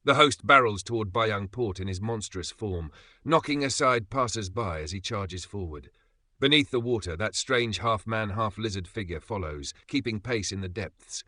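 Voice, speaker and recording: A man's voice: lowish voice, lively intonation, normal speed, bright, forceful tone, no room sound. A man narrating a comic recap in scripted, dramatic storytelling.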